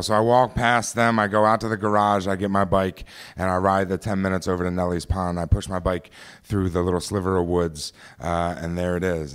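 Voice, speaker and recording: A man telling a personal story on a small theater stage, conversational and halting, with many fillers and restarts. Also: sits low.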